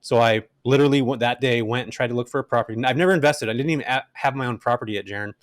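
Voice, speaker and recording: A middle-aged man telling his story as an interview guest, animated and casual, with frequent fillers. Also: mid-range voice, very fast, dry recording, studio quality. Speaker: guest, rental investor.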